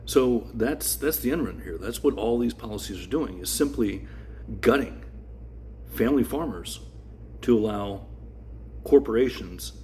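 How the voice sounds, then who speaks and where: A man explaining his theory in a measured way, with a resentful edge. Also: medium pitch, expressive, a little mellow, slight background noise. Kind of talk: explanatory commentary.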